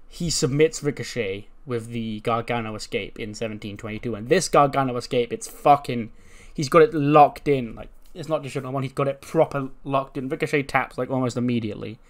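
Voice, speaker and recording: This is a young man with a medium-pitched, fairly bright voice, recapping a simulation game in a chatty way. He's a gaming channel host who swears freely and laughs at how things turned out.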